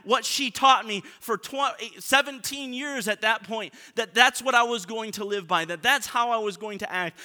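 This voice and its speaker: A man preaching a sermon in an earnest way, often letting his voice drop soft at the ends of points. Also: sits high. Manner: earnest, often trailing off softly. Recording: long reverb of a large hall.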